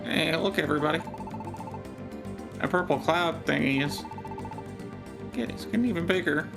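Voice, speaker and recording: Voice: mid-range voice, moderate pace, gravelly, over music. A let's play co-host reading game dialogue with playful, wry asides.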